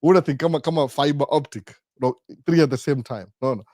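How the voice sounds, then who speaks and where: In this live Q&A, the host, a man in his 40s, answers his own rhetorical questions while explaining, blending English and Swahili in an animated way. His voice is on the high side and quick, captured in a clean, echo-free studio.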